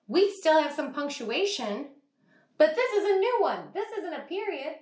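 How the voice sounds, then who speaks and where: A woman teacher giving an online reading lesson to young children, sounding out words slowly and praising the class. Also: high-pitched, big pitch swings, a little mellow, roomy sound. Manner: slow, exaggerated sounding out of words. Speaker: kindergarten teacher.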